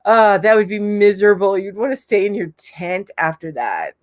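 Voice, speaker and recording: A woman's voice: mid-range voice, expressive, moderate pace. A chatty, upbeat woman in her forties from Florida, hosting a casual live stream where she reads viewer comments aloud and laughs often. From Florida, USA.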